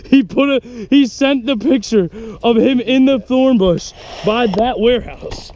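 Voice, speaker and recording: A man's voice: extremely high pitch, a little slow. A young man vlogging outdoors as he rides a bike, joking and trash-talking in casual chat, recorded on an action camera. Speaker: vlogger playing bike tag. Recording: dull lo-fi audio with loud outdoor noise.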